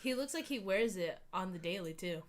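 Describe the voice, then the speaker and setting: A woman's voice: medium pitch, lively intonation, a little fast, slight background noise. A woman co-hosting a podcast in casual chat, blunt and teasing with dry quips. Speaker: podcast co-host.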